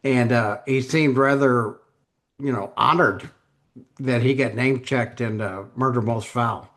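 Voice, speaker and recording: A man hosting a podcast, asking questions in a relaxed, casual way. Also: mid-range voice, unhurried. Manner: relaxed, short reactions and laughs. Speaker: podcast host. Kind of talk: casual interview.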